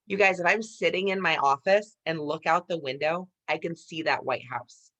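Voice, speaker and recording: Speaking at a normal pace in a low-pitched voice, a network marketing leader in her thirties relates a motivational story about herself. She's spirited and often turns to the audience with "you guys."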